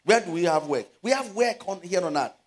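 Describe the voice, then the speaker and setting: In an animated, high voice, a middle-aged Nigerian pastor with a Yoruba accent delivers a sermon. He lingers on scripture phrases, stretching each word, before rising into loud exhortations.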